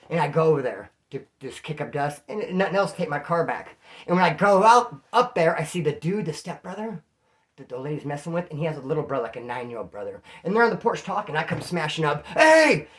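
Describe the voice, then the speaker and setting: A man from California spins a story in casual, slangy talk. He moves at a rapid clip in a somewhat high voice. He keeps jumping into animated impressions of what people said. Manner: animated, slangy, acts out quotes.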